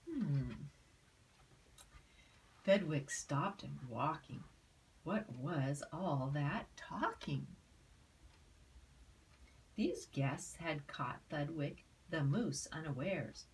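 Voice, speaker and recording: An older woman reading a rhyming picture book aloud, expressive, with asides to a child. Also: sits low, drawn-out words, long pauses, distant mic, rough recording. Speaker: storyteller.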